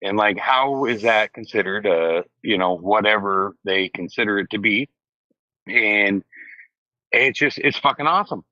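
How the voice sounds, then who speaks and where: A man's voice: lowish voice, a little slow, pushed and bright, dry recording. A male caller talking loosely and eagerly, thanking the host. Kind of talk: casual phone-in chat. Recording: dull lo-fi call-in line.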